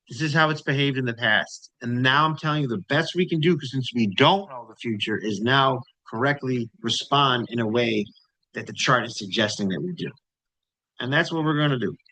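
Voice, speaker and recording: A man's voice: medium pitch, bright, forceful tone, no echo, rough recording. Emphatic man talking through market charts. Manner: emphatic, repetitive phrasing with frequent "right?" and "you know". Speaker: trading channel host. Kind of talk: casual chart commentary.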